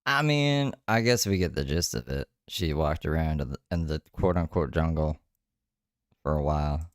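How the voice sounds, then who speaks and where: A man's voice: a bass voice, moderate pace, dry recording, studio quality. A man hosting a livestream, talking loosely and casually, with some swearing. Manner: loose, rambling, profane. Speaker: streamer host.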